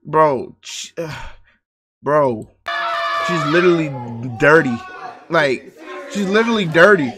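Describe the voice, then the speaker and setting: A man's voice: a little high, animated, slow pace, pauses often, loud music behind the voice. A man live-streaming his reactions to a video, joking, swearing freely and laughing often.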